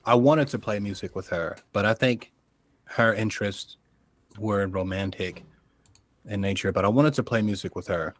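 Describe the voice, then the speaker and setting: A man, a musician guest on a podcast, telling a story in a lively, casual way. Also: fairly low pitch, moderate pace. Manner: lively storytelling, calls people brother.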